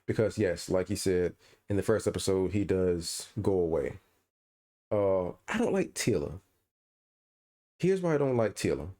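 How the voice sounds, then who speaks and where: A man's voice: deep voice, unhurried, pauses often. A man co-hosting a podcast in casual chat, ranting with incredulous energy. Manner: animated, incredulous ranting with laughs. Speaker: podcast co-host.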